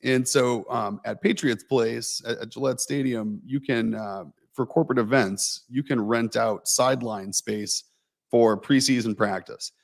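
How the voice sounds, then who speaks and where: A man's voice: medium pitch, steady tone, measured pace, gravelly. A man co-hosting a casual livestream, telling a long, rambling, self-mocking anecdote full of fillers and restarts. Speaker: co-host telling a story.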